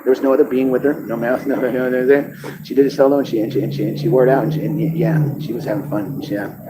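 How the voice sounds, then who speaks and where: A man's voice: mid-range voice, steady tone, quick pace, background noise. A man talking in a rambling, profane monologue, laughing often and restarting his sentences.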